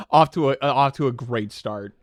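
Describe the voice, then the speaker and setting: Young male streamer, mid-pitched, loose rambling chat with heavy fillers and cursing, dry booth-free sound. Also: a little slow, no room sound. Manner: rambling, profane, many "like" fillers. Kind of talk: casual chat while setting up a game stream.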